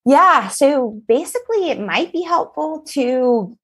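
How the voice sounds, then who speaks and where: A woman's voice: high voice, animated, slow, a bit bright. A woman company co-founder speaking as a podcast guest, earnest, with frequent fillers and restarts. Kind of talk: podcast interview.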